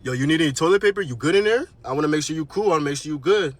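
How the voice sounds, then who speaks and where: A man's voice: a little high, animated, racing, no echo. A man voicing a friendly, laid-back young man who talks in a casual bro-ish way.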